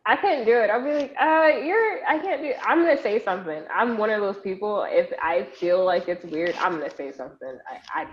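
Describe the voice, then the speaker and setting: Female guest, bubbly and giggly, middle pitch, slightly dull audio with a faint hiss. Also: animated. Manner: giggly, bubbly, quick to laugh. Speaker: interview guest, IT helpdesk specialist. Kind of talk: casual interview chat.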